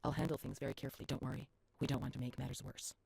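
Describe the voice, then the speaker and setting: An actress voicing a troubled young woman who reads old asylum records in a hushed, measured, uneasy way, often dropping to a whisper. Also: a bass voice, steady tone, creaky, husky, dry recording, exaggerated voice. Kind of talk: hushed game narration. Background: game music.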